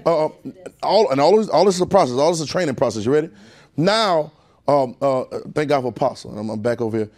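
A man's voice: lively intonation, quick pace, darkish tone. Man preaching a folksy sermon. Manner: call-and-response preaching, building in pitch and volume; folksy, conversational asides to the congregation.

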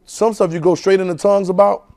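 High-voiced man preaching a sermon. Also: fairly even intonation, fast. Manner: call-and-response, urging the congregation to repeat; swings from loud exhortation to soft near-whispers.

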